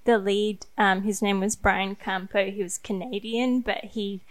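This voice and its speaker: A woman from Australia hosts a podcast in a relaxed, chatty way, sprinkling in fillers and soft laughs. Her voice sits at a middle pitch and sounds dry, with no room echo. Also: measured pace. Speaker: podcast host. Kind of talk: casual chat.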